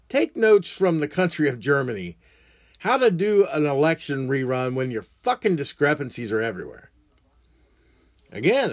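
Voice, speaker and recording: Profane, animated man ranting. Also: on the high side, no room sound. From United States. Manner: blunt, crude, mocking, animated. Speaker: podcast host. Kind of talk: profane political rant.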